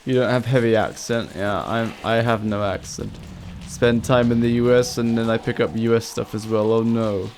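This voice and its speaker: A man's voice: mid-range voice, moderate pace, hardly any pauses, slight background noise. A man from the United Kingdom with a British accent, chatting casually on a live game stream while he plays and answers viewer questions. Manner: relaxed, answers chat questions while playing.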